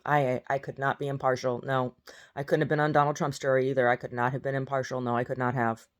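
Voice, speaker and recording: A woman's voice: very deep voice, level tone, fast. Woman ranting from bed in her groggy morning voice, blunt and opinionated, rambling along. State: groggy first-thing-in-the-morning voice. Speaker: vlogger. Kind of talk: casual monologue. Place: in bed at home.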